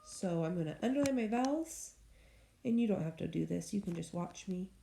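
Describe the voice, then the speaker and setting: A woman teacher leading a recorded phonics lesson for young students, speaking slowly and clearly and cheering them on as she sounds out words. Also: lowish voice, lively intonation, dark tone. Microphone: tablet screen recording. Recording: echoey room with faint noise.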